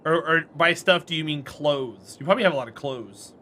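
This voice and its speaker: A man's voice: fairly high pitch, brisk, bright, forceful tone, a little hiss or hum. A man streaming a game and chatting casually with his viewers, friendly and talkative, answering chat by name and laughing often.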